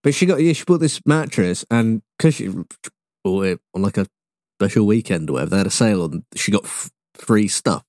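A man's voice: lively intonation, brisk, a little mellow, no echo, studio quality. A young man from England co-hosting a podcast, chatting casually and rambling with jokes and swearing. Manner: rambling, swearing, jokey with sudden pitch jumps. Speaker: podcast co-host. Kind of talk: casual chat.

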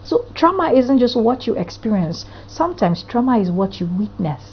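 Husky woman therapist asking probing questions. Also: fairly high pitch, sing-song, moderate pace, dull audio. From Africa. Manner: earnest, piles up rhetorical questions. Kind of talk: podcast monologue.

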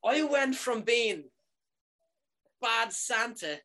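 A man casually telling a comic anecdote, animated, swearing freely and often checking in with "right?". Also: very high voice, extremely slow.

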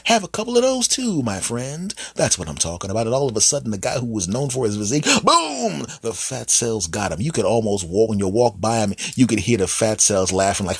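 A male comedian talking alone into a close podcast mic, husky and lower-pitched. He jumps in and out of silly put-on voices. The room sounds dry, with no echo. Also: a little fast, hardly any pauses. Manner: animated, acts out voices and bits. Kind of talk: solo comedy podcast monologue.

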